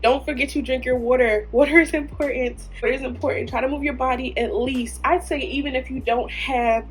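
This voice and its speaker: A woman's voice: high voice, fairly even intonation, fairly quick. A woman hosting her own podcast, talking earnestly and emotionally, tearful at times. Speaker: podcast host. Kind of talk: heartfelt solo podcast talk.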